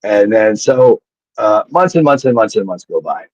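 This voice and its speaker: A man's voice: on the low side, animated, moderate pace, darkish tone, no room sound. A man, a former wrestler, telling rambling, profane stories as a guest in casual chat, heard through dull lo-fi remote audio. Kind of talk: casual storytelling.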